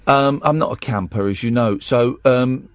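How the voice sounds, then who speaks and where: A man's voice: medium pitch, normal speed, no echo. A man hosting a radio show, chatting casually on air in a rambling way with plenty of restarts.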